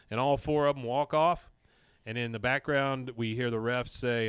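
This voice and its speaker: A man's voice: medium pitch, unhurried, clean tone, dry recording, clean studio sound. A man hosting a podcast, recapping episode scenes in a casual way and briefly mimicking the characters' lines.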